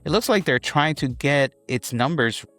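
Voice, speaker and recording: A man delivering online wrestling news commentary with a lively, swooping pitch and emphatic, repeated phrasing. Soft music plays faintly behind him. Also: normal speed, dry recording.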